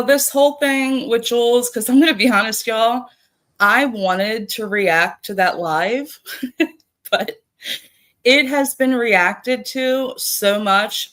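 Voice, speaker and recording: A woman's voice: medium pitch, a bit bright. A woman hosting a livestream, greeting viewers by name in a casual, laughing, swearing chat. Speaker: livestream host.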